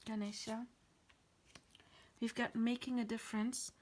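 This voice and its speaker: Woman tarot reader, near tears, halting and soft with dips into whispers; slow, flat delivery. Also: on the high side. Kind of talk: pick-a-card tarot reading.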